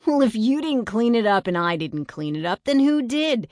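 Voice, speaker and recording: A loud, teasing boy who scoffs at everything, put on by a woman reading a storybook. His voice sits higher than the reader's own and is pushed forward. The sound is dry and close. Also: very animated, moderate pace, dry recording. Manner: loud, mocking. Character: bossy loud boy, teasing know-it-all.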